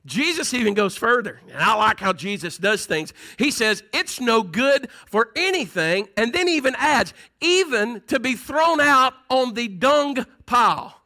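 A man's voice: very high voice, big pitch swings, measured pace, few pauses, pushed and bright. A man with a Southern accent preaching a sermon, folksy and conversational, asking the congregation "Amen?" between points. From Southern United States. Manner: folksy, call-and-response preaching with laughs and "Amen?". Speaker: pastor.

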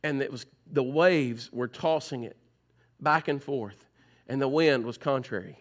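A man's voice: medium pitch, measured pace. A man, preaching a sermon and acting out his own stories. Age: 40s. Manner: animated storytelling, acts out his own dialogue. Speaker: pastor.

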